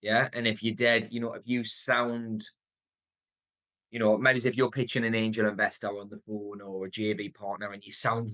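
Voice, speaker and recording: A man's voice: lowish voice, pushed and bright. Geordie man, emphatic sales coach. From North East England. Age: 30s. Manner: varies tone and pace, deliberate pauses, emphatic. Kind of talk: motivational coaching talk.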